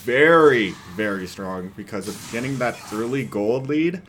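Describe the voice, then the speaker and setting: A man's voice: mid-range voice, lively intonation, measured pace, a bit bright, slight background noise. A man doing casual, chatty colour commentary on an esports match. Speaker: esports co-caster.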